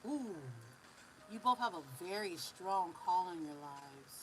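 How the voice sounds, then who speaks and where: A Californian woman giving a live spiritual reading in a loose, animated way, drawing words out, humming and affirming between messages. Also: fairly low pitch, takes it slowly, a little hiss or hum, low-quality recording. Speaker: spiritual reader.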